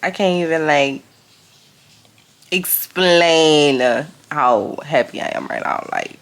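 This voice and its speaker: A woman chatting excitedly to camera as a vlogger, gushing and repeating phrases. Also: low-pitched, slow. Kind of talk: casual vlog chat.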